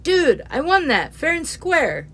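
A woman voicing a brash, rowdy young man who talks loudly and teases his friends. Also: fairly low pitch, animated, moderate pace, slight background noise, close to an everyday voice. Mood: boisterous. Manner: loud, boisterous, teasing.

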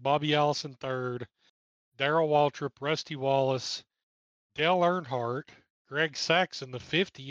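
A man's voice: a little high, fairly bright tone, dry recording, highs cut off. A man with an East Tennessee accent, co-hosting a podcast and chatting wryly through an old race recap. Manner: chatty, wry, jokes between driver lists. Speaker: podcast co-host. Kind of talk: casual race recap commentary.

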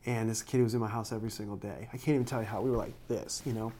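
A man's voice: lowish voice, fairly even intonation, racing, warm tone. A middle-aged man, a pastor preaching a sermon, telling personal stories in an earnest, emotional way with frequent restarts.

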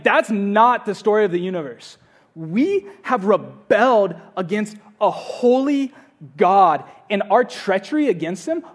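A man preaching a sermon, earnest, repeating his phrases and swinging between loud urging and hushed appeals. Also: high voice. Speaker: pastor.

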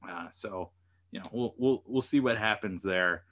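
A man's voice: on the low side, moderate pace, a bit bright. A man hosting a podcast and recapping a TV episode, retelling scenes animatedly and quoting the characters' lines. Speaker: podcast host and lawyer.

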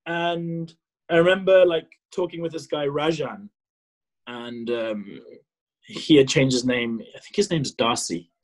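A man from South Africa in his thirties, telling a personal story as a podcast guest, animated and full of fillers. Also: on the high side, unhurried, low-quality recording. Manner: animated, acts out his own past dialogue, many fillers and restarts. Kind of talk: casual storytelling.

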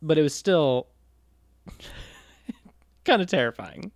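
Male podcast guest, deadpan self-mocking humor, dry close-miked sound. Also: on the high side, slow pace, no room sound. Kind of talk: casual chat.

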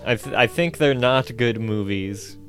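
A man's voice: medium pitch, unhurried, a bit bright, faint music behind. Rambling man in casual chat. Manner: rambling, heavy use of "like" fillers.

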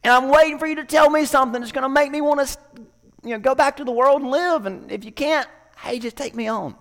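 A preacher voicing a weary pleading prophet. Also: male voice, very high-pitched, fast talker, fairly bright tone, in a large hall, voice pushed up. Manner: exasperated, pleading. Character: weary complaining male prophet.

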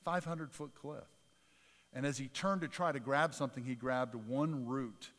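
A man's voice: mid-range voice, unhurried, fairly bright tone. A man preaching a sermon as pastor, talking conversationally with repetitions and climbing to emphatic peaks. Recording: church hall with long reverb.

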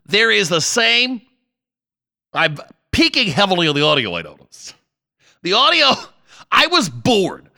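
A man in an over-the-top comic radio-host parody, bouncing wildly from a low, gravelly rumble up to shrill, bright shouted catchphrases. His voice sits high for a man and never stays in one place for long. It sounds hammy and deliberately overdone. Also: big pitch swings.

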